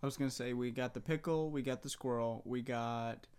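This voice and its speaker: A man's voice: medium pitch, fairly even intonation, brisk, darkish tone, clear, resonant tone. A man chatting as a guest on his spouse's podcast, dry and teasing. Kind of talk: casual chat.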